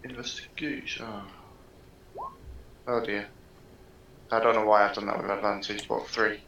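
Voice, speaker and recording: A man with a bright, forward voice weighs his moves in a tabletop game, hesitant and trailing off as he thinks. The room is echoey with a faint hum behind him. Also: fairly low pitch, fairly even intonation, normal speed, muffled recording. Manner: unsure, trailing off mid-sentence. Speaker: player.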